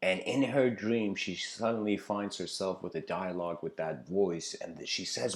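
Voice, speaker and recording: A man's voice: low-pitched, a little slow, hardly any pauses. A man giving an improvised lecture that mixes a story with reflection, talking loosely with lots of fillers. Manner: loose, filler-heavy, with frequent "you know".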